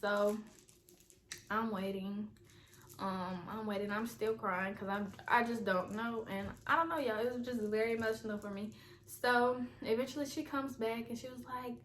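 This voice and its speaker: A woman's voice: a little high, unhurried, a bit bright, a little hiss or hum. Chatty young woman telling a storytime. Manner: chatty, rambling, talks straight to viewers as "y'all". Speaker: vlogger. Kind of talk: casual storytime vlog.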